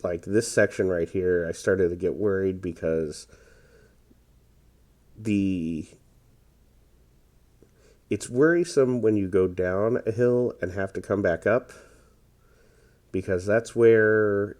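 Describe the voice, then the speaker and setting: A man giving relaxed, rambling commentary over his own gameplay, tired and hesitant, with many fillers. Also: deep voice, slow pace, pauses often. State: tired, yawning. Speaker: gaming commentator.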